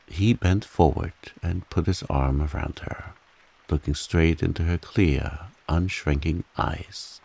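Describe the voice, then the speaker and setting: A man calmly and softly reading a bedtime story aloud, meant to soothe listeners to sleep. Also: low voice, unhurried, gravelly, husky. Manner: calm, softly spoken. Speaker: audiobook narrator.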